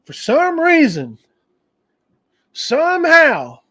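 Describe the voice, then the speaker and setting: A man's voice: very high voice, wildly swooping pitch, drawn-out words, pushed and bright. A man hosting a casual livestream, telling a rambling, digressive story. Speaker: trucking channel host.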